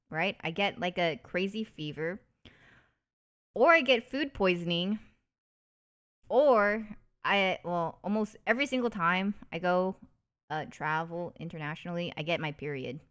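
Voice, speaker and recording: A woman's voice: on the low side, fairly bright tone. A woman streamer chatting casually and telling stories, often breaking into giggles.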